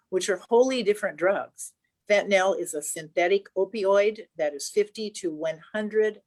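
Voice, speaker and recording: Earnest woman senator at a podium. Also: fairly low pitch. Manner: earnest, measured, partly read remarks. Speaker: state senator. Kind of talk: press conference statement.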